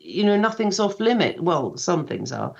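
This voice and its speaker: A woman's voice: lowish voice, big pitch swings, normal speed, vocal fry, a little mellow, muffled recording. An older woman speaking as a guest author in a casual radio interview, chatty and self-deprecating, acting out quoted dialogue as she tells stories.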